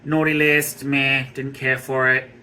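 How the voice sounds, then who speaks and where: An Australian man giving a blunt, scornful TV review rant, swearing freely and filling pauses with ums. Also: mid-range voice, little pitch movement, pushed and bright, slight background noise, low-quality recording. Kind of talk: ranting review vlog.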